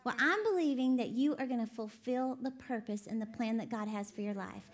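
A woman's voice: a little high, a little fast. A woman speaking at a women's conference, chatty and jokey, laughing often before turning earnest in her sermon. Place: conference session hall.

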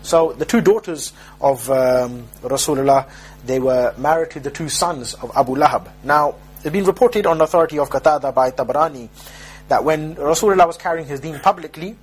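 Man, sermon, emphatic street-style preaching, frequent restarts, fairly high voice. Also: a little fast, breathy edge, low-quality recording.

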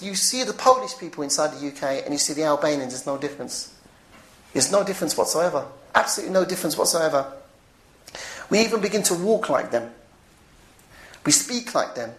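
A woman giving an informal religious talk, animated, chuckling now and then and repeating her points. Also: fairly low pitch. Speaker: preacher. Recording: roomy echo.

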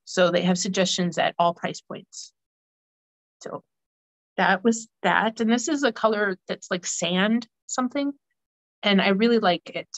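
A woman's voice: medium pitch, measured pace, no echo, rough recording. Chatty woman talking about knitting. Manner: chatty, rambling, many fillers. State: frog in her throat, clearing her throat. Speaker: guest knitter. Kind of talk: casual knitting podcast chat.

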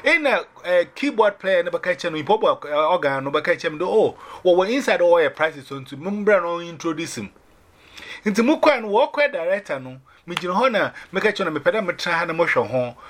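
A man sharing a personal faith testimony, telling it in an animated way and dropping in English phrases. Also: high voice, brisk.

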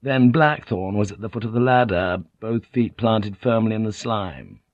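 A man reading a novel aloud in measured, tense scripted narration. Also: fairly low pitch, animated, no echo, highs cut off. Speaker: audiobook narrator.

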